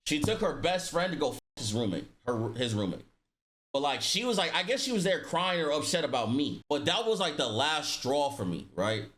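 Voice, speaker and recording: A man's voice: a little high, very animated, normal speed, a bit bright. A man telling a personal story in casual storytime style, slangy and profane, acting out the dialogue with voice shifts. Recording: roomy echo.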